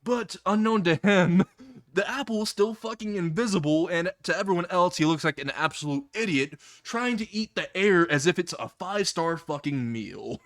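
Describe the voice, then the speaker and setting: A man's voice: high voice, expressive, normal speed. A man casually narrating a comedic fan story, laughing often and swearing freely as he goes.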